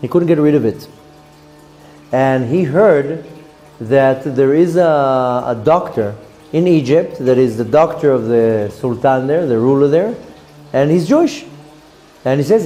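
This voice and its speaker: A man's voice: mid-range voice, expressive, measured pace, warm tone, faint music behind. A man, a rabbi giving a Torah lesson as a story and acting out the characters' lines.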